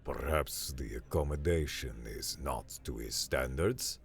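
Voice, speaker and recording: A man voicing a hulking alien prison guard who speaks in a slow, grave, formal way. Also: rumbling low, soft background music, voice pushed down. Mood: solemn.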